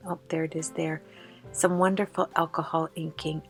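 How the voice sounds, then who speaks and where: A woman's voice: lowish voice, fairly even intonation, moderate pace, soft background music. A woman hosting a card-making tutorial as a chatty voice-over, out of breath from the flu. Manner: chatty and enthusiastic, many fillers. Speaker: card-making video host.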